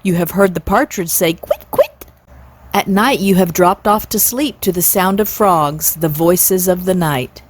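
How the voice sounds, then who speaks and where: A woman's voice: on the low side, measured pace, a little hiss or hum, close to an everyday voice. A woman in her sixties voicing a stately, pompous father swan who speaks in long, formal, flowery sentences in a storybook reading. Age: 60s.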